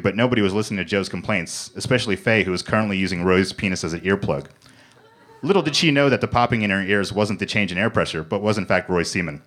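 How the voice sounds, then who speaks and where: A man reading comic fiction aloud in a mock-serious deadpan on a comedy club stage. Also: fairly low pitch. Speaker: comedy reader.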